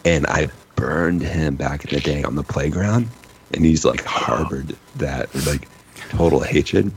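Very deep-voiced man riffing casually. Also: a little slow, a little hiss or hum. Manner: rambling, animated storytelling with acted quotes. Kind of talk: casual chat, long comic riff.

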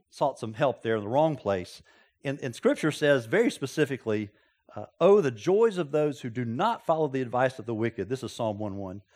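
A man preaching a sermon, telling stories with folksy asides and sudden loud exclamations. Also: medium pitch. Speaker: pastor.

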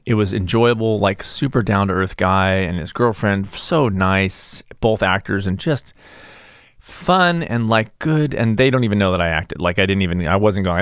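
Low-pitched male host, rambling self-deprecating comic monologue, dry close sound. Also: expressive, moderate pace, fairly bright tone, clear, resonant tone, no room sound. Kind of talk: casual comedic monologue.

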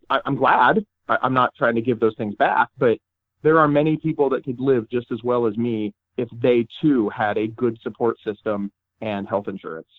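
A man in casual chat, speaking in a reflective, halting way with many restarts. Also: mid-range voice, no echo. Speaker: podcast guest. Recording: tinny phone-like line.

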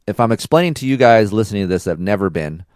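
A man's voice: lowish voice, very fast, no echo, studio quality. A man co-hosting a podcast in casual chat, rambling and profane as he tells stories. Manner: rambling, profane, animated storytelling. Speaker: podcast co-host.

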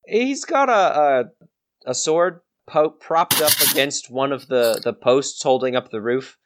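A man's voice: medium pitch, animated, slow pace, noisy background. A man running a tabletop game, describing scenes in a loose, rambling way full of fillers and restarts. His voice sits in an ordinary middle range. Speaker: game master.

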